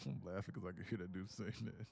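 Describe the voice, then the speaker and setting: Casual male streamer, low and gravelly, thinks out loud over his trades with mutters and excited spikes. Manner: talks to himself, muttering then excited bursts, laughs often. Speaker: day trader streaming live. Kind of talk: casual live-stream commentary.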